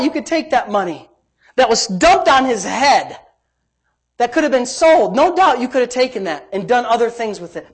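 With a slightly rough, high voice, a middle-aged pastor preaches a sermon emphatically, alternating quiet asides with loud exclamations.

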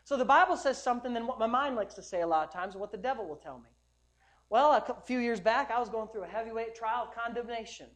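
A male pastor preaching a sermon at a church service, emphatic and repetitive, building up to loud declarations. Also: very high-pitched, quick pace.

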